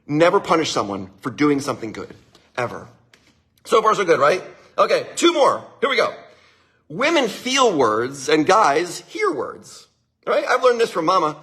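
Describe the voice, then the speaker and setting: A man with a slightly high, husky voice gives casual advice to a live audience. His delivery swings widely in pitch and is broken by frequent chuckles. He keeps checking in with his listeners. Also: sing-song, unhurried, fairly bright tone. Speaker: livestream host giving marriage advice.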